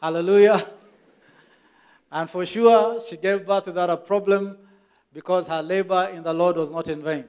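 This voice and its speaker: A man's voice: high-pitched, steady tone, normal speed, pauses often, darkish tone, clean tone. A Kenyan man preaching a church sermon as the pastor, telling stories with emphatic repetition.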